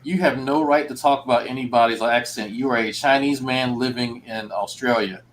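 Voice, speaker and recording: A man in a casual group voice chat, ribbing the others in a teasing, animated way. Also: medium pitch, moderate pace, slight background noise, low-quality recording. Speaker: stream chat participant.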